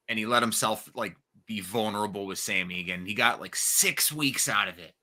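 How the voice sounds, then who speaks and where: A young adult man co-hosting a casual wrestling podcast, telling the story with excited, profane energy. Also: on the low side, fairly quick, few pauses. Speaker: podcast co-host.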